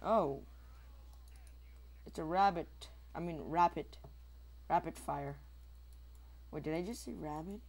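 Casting: goofy guy gamer, slow easygoing delivery, self-mocking commentary, mouths shooting noises. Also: gravelly. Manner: goofy, mouths shooting sound effects in squeaky bursts; rambling, self-mocking asides to viewers. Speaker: gamer recording his own match. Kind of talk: casual gameplay commentary.

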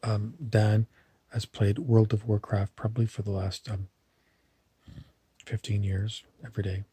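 A man's voice: on the low side, little pitch movement, a little slow, mellow, no echo. A man telling meandering, digressive stories in a casual monologue to camera. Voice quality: husky.

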